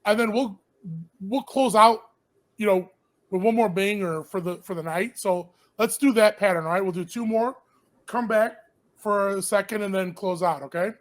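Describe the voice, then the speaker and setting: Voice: mid-range voice, moderate pace. A livestream host in a casual interview chat, talking in a loose, rambling and informal way with frequent restarts.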